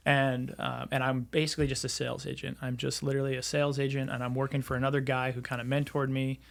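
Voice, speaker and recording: A man in his forties tells his story on a casual podcast, his voice carrying a gravelly edge. He rambles through it, with plenty of fillers and restarts along the way. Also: mid-range voice, little pitch movement, fast. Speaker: podcast guest, real estate entrepreneur.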